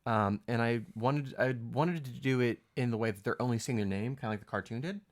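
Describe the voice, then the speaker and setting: A man co-hosting a podcast in casual chat, relaxed and hesitant with many fillers. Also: medium pitch, a little fast. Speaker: podcast co-host.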